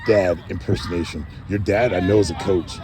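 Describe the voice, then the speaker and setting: Amid crowd noise, a man with a low voice speaks fairly quickly as he conducts casual sideline interviews at an outdoor football practice. He's playful, teasing the people he talks to and pumping them up.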